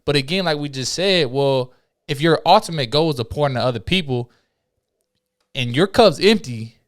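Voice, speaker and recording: Smooth-voiced man giving life advice. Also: a little high, animated, moderate pace. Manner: preachy, uses sayings, asks "right?". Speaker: podcast co-host, former morning show host. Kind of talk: casual podcast conversation.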